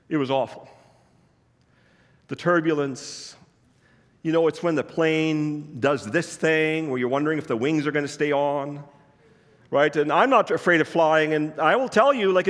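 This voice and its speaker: A man with a high voice preaches in a church sanctuary, telling a personal story in an easy, earnest way. His voice trails off into a long hall reverb. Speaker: pastor. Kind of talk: sermon.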